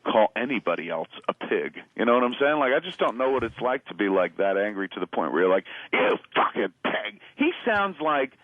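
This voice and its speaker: A man's voice: mid-range voice, big pitch swings, fairly quick, hardly any pauses, no echo, narrow, tinny audio. A man co-hosting a talk radio show, riffing and mock-quoting in casual banter.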